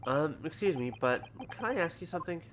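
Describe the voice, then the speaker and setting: A man's voice: a little high, lively intonation, fairly quick. A man streaming a game, casually joking and swearing while reading dialogue aloud. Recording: background noise from home stream setup.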